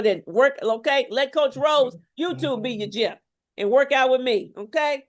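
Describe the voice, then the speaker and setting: A woman's voice: high-pitched, normal speed. A woman health coach giving an emphatic, preachy motivational talk, full of faith, repeating "okay?" to drive each point home. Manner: faith-filled and exhortative.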